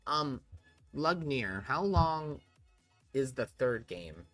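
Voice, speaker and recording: A chatty man streaming a video game, dropping offhand asides as he plays. His voice sits at a middle pitch and moves through a lively, animated range. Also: very slow, long pauses, faint music behind. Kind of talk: casual asides while reading game dialogue.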